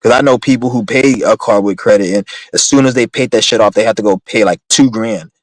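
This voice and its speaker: A man's voice: lowish voice, a little fast, dry recording, poor audio. A young man in a casual, profane, rambling rant, speaking bluntly to his viewers. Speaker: vlogger.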